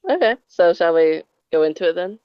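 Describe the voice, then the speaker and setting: A woman's voice: fairly low pitch, animated, brisk, clean tone, no echo, highs cut off. A woman chatting on a podcast, candid and wry, laughing at herself. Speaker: podcast co-host. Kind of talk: casual podcast chat.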